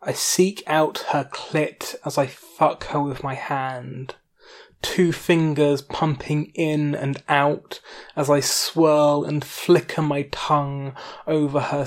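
A narrator tells an erotic story in the first person, taking each line very slowly and intimately. The voice has a gravelly, crackly texture, and the telling never rushes. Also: mid-range voice.

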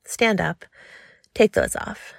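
A woman voicing a teasing, commanding woman who gives calm, low orders. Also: slow, creaky, dry recording, clean studio sound, full character voice.

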